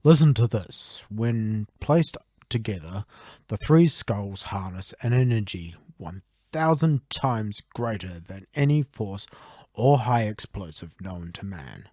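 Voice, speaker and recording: An earnest young hero, read by a man, explaining an old legend in a slow, measured way. His pitch rises and falls with the telling, and the sound is dry and close-miked. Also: expressive, warm tone, no room sound. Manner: measured, expository delivery.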